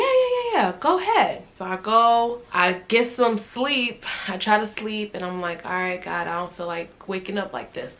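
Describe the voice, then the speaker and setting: A young woman talks straight to her viewers in a relaxed, conversational way, her pitch sitting in an ordinary middle range. She keeps asking "right?" and slips into the voices of the people she quotes as she recounts what happened. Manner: animated retelling that acts out quoted dialogue; conversational, with frequent "I'm like" and "right?". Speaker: vlogger. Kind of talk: casual personal storytelling.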